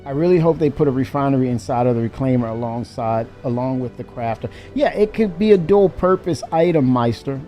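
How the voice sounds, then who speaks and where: A man in casual live-stream chat, animated and laughing as he talks to his chat. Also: medium pitch, a little fast, few pauses, faint music behind.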